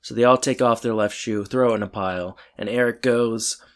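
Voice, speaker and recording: A man's voice: medium pitch, steady tone, a little fast. A young man co-hosting a podcast, casually recapping a TV episode and chiming in with corrections and extra details. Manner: chimes in to correct and add plot details; chatty, with many fillers like "like". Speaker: podcast co-host.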